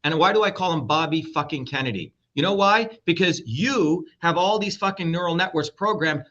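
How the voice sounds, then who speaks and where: A middle-aged man from India, a presidential candidate appearing as a guest, speaks bluntly, combatively, and profanely in heated interview talk. His fairly high, fairly bright voice moves at a moderate pace with few pauses, on dull lo-fi audio.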